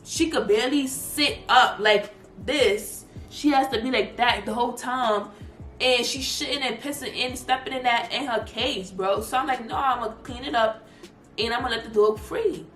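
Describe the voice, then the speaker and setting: A young woman vlogger recounts a story with heat, slipping into squealing impressions of other people. Her voice sits fairly high, and she is recorded in an echoey room with music playing softly behind her. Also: normal speed. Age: young adult. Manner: animated, heated retelling with squealed imitations of others. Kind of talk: storytime vlog.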